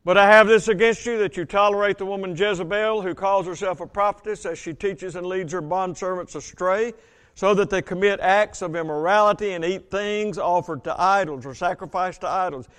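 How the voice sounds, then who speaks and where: Baptist pastor, male, high tenor voice, sermon delivery with scripture readings and questions to the pews. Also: a bit bright, clear, resonant tone. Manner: reads scripture aloud, slows for emphasis, asks congregation questions.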